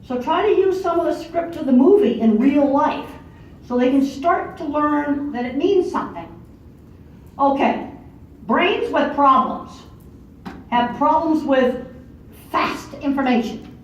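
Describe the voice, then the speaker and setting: Older woman, blunt and emphatic lecturer, high voice, distant in a big echoing hall. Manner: blunt, matter-of-fact, emphatic. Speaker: speaker giving a lecture. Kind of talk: conference talk. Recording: far-off echoey hall, dull lo-fi audio.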